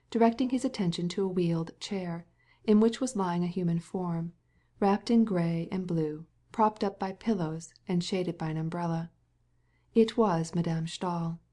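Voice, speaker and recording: A woman narrating a classic novel audiobook in a measured, even reading. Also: on the low side. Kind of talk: scripted narration.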